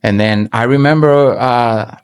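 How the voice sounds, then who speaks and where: A man giving an earnest, halting personal faith testimony as a church member, often restarting his sentences. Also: medium pitch, smooth.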